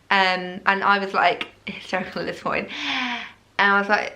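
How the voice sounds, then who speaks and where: A woman's voice: medium pitch, level tone, unhurried, bright, forceful tone. A young woman vlogger telling her birth story in casual chat, rambling with lots of "like" and "um". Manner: chatty, rambling, full of "like" and "um".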